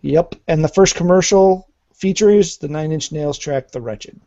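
A man's voice: a little high, measured pace, dark tone, no room sound, dull audio. A man co-hosting a casual gaming podcast, talking with stumbles and repeated words. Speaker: podcast co-host.

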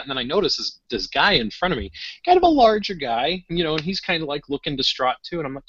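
A man chats on a gaming podcast and tells a long anecdote that keeps wandering off into fillers and false starts. His voice sits at an ordinary middle pitch. The sound is dry and a little dull, as from a modest home mic. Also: fast talker, husky, no echo. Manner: rambling, many fillers and restarts, animated when acting out quotes. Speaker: podcast co-host. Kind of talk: casual podcast storytelling.

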